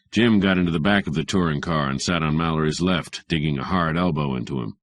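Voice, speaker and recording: Male audiobook narrator, very low voice, measured and even delivery. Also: dry recording, clean studio sound. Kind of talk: audiobook reading of hardboiled fiction.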